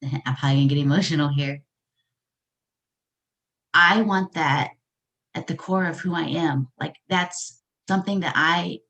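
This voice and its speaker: A woman's voice: fairly low pitch, a bit bright. Candid, emotional woman guest. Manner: candid, emotional, laughs and sighs. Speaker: interview guest, coaching client. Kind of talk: casual interview chat.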